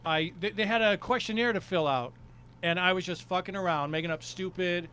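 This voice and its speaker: A man from Detroit, a stand-up comedian, telling stories in a dry, deadpan way in casual podcast chat. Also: high voice, brisk, a little hiss or hum.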